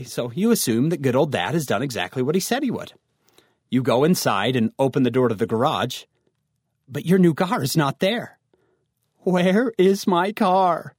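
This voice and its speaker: Animated male youth speaker. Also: medium pitch, husky, no echo, clean studio sound. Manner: storytelling, addresses listeners directly. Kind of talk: devotional talk to teens.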